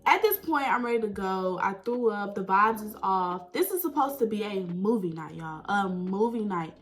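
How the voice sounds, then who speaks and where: A young woman telling a personal story in a chatty, animated way, full of "like" and "right?". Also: mid-range voice, moderate pace, low-quality recording. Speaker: vlogger. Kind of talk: casual storytime.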